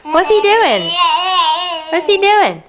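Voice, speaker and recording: A mother talking to her toddler in sing-song baby talk, coaxing and gentle, filmed at home on a handheld camcorder. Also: extremely high pitch, big pitch swings, takes it slowly, heavy background noise. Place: at home indoors.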